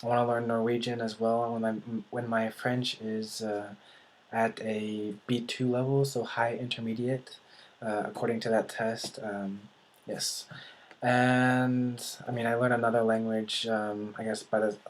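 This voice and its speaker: A man talks to camera about language learning in a flat, even voice that barely rises or falls. He feels his way through each point, pausing often and restarting his sentences. A dry sarcastic streak runs under his musing. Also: mid-range voice. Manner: hesitant, thinks aloud with many pauses and restarts; dry, self-described sarcastic humor. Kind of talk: casual talk to camera.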